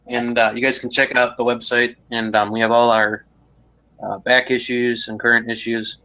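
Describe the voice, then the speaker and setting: Bright-voiced hesitant man on a lo-fi call. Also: medium pitch, little pitch movement, normal speed. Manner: hesitant, many "uh"s, good-humoured. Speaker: guest. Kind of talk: casual live-stream chat. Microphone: video call. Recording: dull lo-fi call audio.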